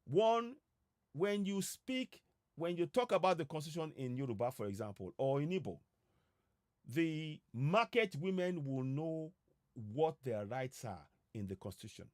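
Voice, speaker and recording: A man with a Nigerian accent giving an earnest civic talk on a live stream, emphatic and pausing often with fillers. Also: on the high side, lively intonation, no room sound, studio quality. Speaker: civic educator. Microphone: streaming setup.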